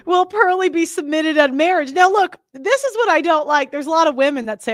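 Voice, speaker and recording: Young woman host, high voice, close dry mic, blunt and rambling with fillers. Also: a little fast, dry recording. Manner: chatty, rambling, blunt, many fillers and restarts. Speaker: podcast host. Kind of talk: casual opinionated monologue.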